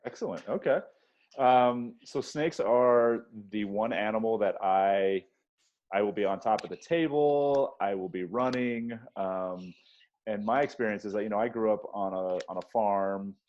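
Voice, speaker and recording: Low-voiced man hosting a chat. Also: darkish tone, highs cut off. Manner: easygoing, halting with fillers. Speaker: interview host. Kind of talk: casual interview.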